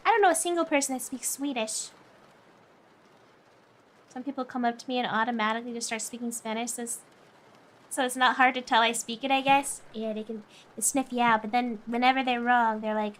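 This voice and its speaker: A young woman streaming late at night, chatting casually with viewers, tired but giggly and animated. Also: a little high, a little fast, slight background noise. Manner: giggly, animated, often laughs.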